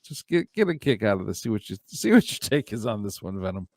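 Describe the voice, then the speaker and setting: A man's voice: fairly low pitch, very animated, fast, a little mellow, dry recording. A man hosting a comedy morning show, teasing his co-host and chuckling often.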